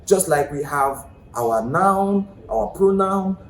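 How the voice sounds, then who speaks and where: A man with a Nigerian accent gives a casual video lesson and often asks the viewer questions. His voice sits a little high for a man. The room is echoey, with a faint hum of ambient noise behind him. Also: animated, takes it slowly. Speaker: language teacher.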